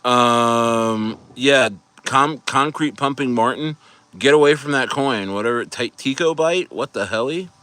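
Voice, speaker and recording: Male streamer, hyped and rambling, bright tense tone, dry close-miked sound. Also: mid-range voice, measured pace, clear, resonant tone, dry recording. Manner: hyped, rambling, laughing often. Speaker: crypto livestream host. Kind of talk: casual livestream chat.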